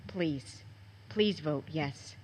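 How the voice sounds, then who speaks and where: A woman's voice: sits low, extremely slow, darkish tone, breathy edge, low-quality recording. Emotional pleading mother at a meeting. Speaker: parent giving public comment. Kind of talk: emotional public comment at a board meeting.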